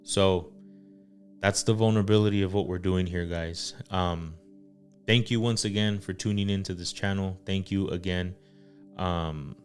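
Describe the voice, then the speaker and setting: A man, a husband and father, hosting a casual faith-based podcast and speaking earnestly, with many ums and pauses. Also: low-pitched, fairly even intonation, soft background music. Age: adult father. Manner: earnest, full of fillers and pauses. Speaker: podcast host.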